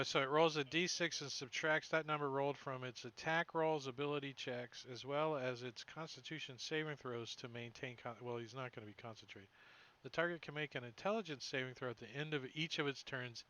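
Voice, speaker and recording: A man narrating as dungeon master of an online tabletop game, chatty and lively, with sound effects. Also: medium pitch, fairly quick.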